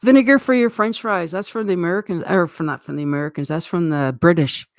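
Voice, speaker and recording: A woman's voice: lowish voice, fast, no echo, studio quality. A middle-aged woman from Eastern Canada with a Canadian accent, chatting casually on a live stream in a rambling way and laughing often. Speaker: livestream host.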